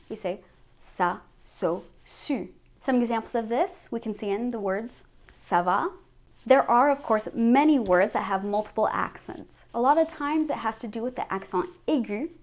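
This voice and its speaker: A woman French teacher giving a scripted lesson, modelling each sound slowly and clearly. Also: fairly high pitch, a little mellow.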